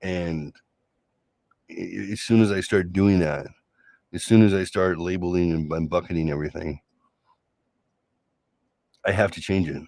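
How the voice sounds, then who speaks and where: A man's voice: low voice, measured pace, vocal fry, pauses often, darkish tone, no room sound. A man hosting a solo show, telling a rambling personal story in a sarcastic, casual way with frequent restarts. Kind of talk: casual monologue.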